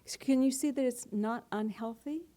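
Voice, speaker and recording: Playful, mellow-voiced woman teaching spirit. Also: fairly high pitch, moderate pace. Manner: playful and conversational, laughs often. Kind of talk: spiritual talk to a live audience.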